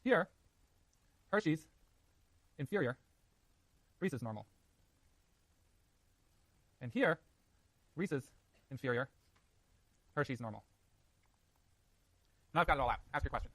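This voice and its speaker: A man lecturing a university class, quick and lively, joking with students as he works through a diagram. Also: medium pitch, no echo. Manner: fast, animated, jokey asides to students.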